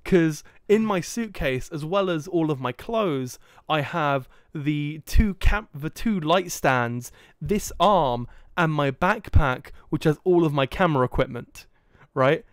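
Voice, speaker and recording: Young male podcast host, clear higher voice, dry close mic, lively storyteller. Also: slow, few pauses, no room sound. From England. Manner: animated, acts out quoted dialogue. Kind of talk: casual storytelling chat.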